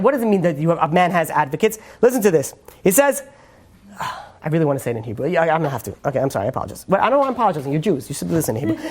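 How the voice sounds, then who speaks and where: A man teaching a Torah class who speaks very quickly. He quotes Hebrew texts and then translates them, throws in joking asides, and speaks in an animated way to a live room. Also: high-pitched. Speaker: rabbi.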